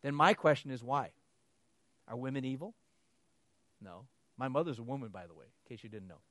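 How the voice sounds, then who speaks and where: A man's voice: mid-range voice, brisk, no echo. A man preaching a sermon, telling stories with laughter and acting out both sides of conversations. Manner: animated storytelling with laughs, acting out dialogue.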